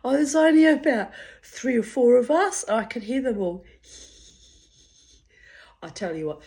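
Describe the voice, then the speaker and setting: A middle-aged woman, telling a story to her channel in a blunt, profane and dramatic way. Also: fairly low pitch. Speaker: vlogger. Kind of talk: casual storytelling monologue.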